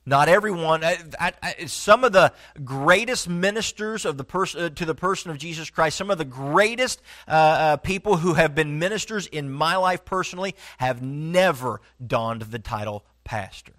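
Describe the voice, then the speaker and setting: A middle-aged man preaching a sermon as pastor. He talks earnestly, stumbles through halting restarts, and drops low and soft to stress a point. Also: expressive.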